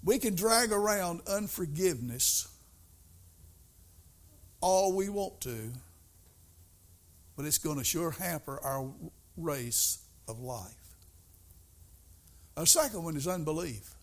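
A middle-aged man preaching a sermon, folksy and storytelling, swinging between soft asides and loud bursts. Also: fairly high pitch, lively intonation, slow pace, long pauses.

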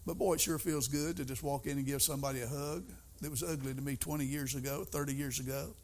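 A middle-aged man preaching a sermon, folksy and storytelling, swinging between soft asides and loud bursts. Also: medium pitch, steady tone, fast talker.

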